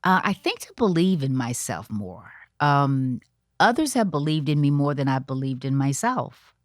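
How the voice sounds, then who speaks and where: A woman's voice: deep voice, big pitch swings, moderate pace, dry recording, studio quality. A woman, a TV producer and host, answering interview questions thoughtfully with some hesitation.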